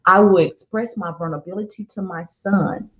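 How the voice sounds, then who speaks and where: A middle-aged woman telling a personal parenting story, emphatic and deliberate, often repeating herself for weight. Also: mid-range voice. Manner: emphatic, slow and deliberate with heartfelt repetition. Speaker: parenting speaker. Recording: roomy, dull lo-fi sound.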